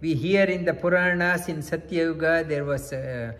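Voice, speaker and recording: Man, high-pitched spiritual teacher, unhurried emphatic scripture talk, long hall reverb. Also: fairly bright tone. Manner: repeats key phrases emphatically, weaves in Sanskrit terms. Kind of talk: scripture lecture.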